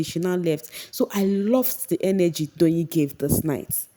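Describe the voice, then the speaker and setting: A young Nigerian woman chatting casually as she recaps a reality show, retelling scenes with lively energy. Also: normal speed. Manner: animated retelling, acting out quotes in a high voice. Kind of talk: casual commentary.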